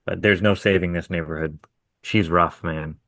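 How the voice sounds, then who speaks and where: A man's voice: deep voice, steady tone, normal speed, fairly bright tone, no room sound. A man co-hosting a podcast, telling stories about his contracting work in a laid-back, profane way. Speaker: podcast co-host, hardscape contractor. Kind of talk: casual chat.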